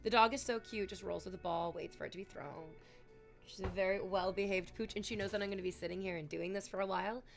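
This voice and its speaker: A woman's voice: medium pitch, steady tone, fast, gravelly, faint music behind. A woman streamer telling long candid stories to her chat, rambling and swearing, with sudden dramatic swells. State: sick.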